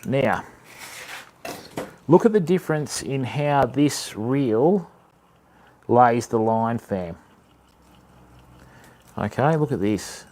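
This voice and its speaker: A man's voice: mid-range voice, lively intonation, drawn-out words, long pauses, dark tone. A young Australian man streaming live, chatting casually to viewers while demonstrating.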